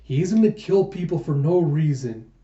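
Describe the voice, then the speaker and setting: A man's voice: on the high side, expressive, moderate pace, dark tone, lightly acted. A man voicing a determined young princess, speaking earnestly in a slightly dull, roomy home recording. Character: determined young princess, gentle but brave.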